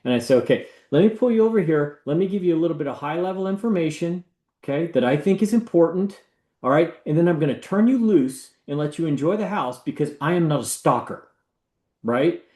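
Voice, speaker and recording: Speaking briskly in a slightly high voice, a man who works in real estate tells a story casually and animatedly, performing the voices of the people he quotes. An echoey room colors the recording.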